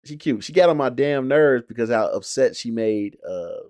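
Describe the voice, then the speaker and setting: A man's voice: mid-range voice, animated, normal speed, darkish tone, smooth, dry recording. Casual male reviewer, loose and rambling, many ums and restarts, dry close sound. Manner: rambling, with frequent fillers and restarts. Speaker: show reviewer. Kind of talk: casual reaction talk.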